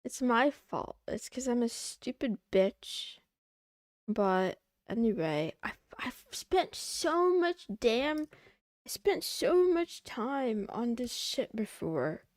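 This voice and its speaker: A woman streamer chatting casually while she works, frustrated and self-deprecating, with bursts of loud protest at her chat. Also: fairly high pitch, big pitch swings, slow pace, no room sound, clean studio sound.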